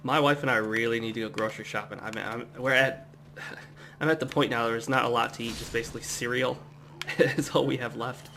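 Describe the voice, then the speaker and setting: A young adult man from the United States giving relaxed, rambling commentary as he plays a game at home. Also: medium pitch, brisk, creaky, slight background noise. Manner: relaxed, rambling, chatty asides. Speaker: gameplay commentator. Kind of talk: casual let's-play commentary.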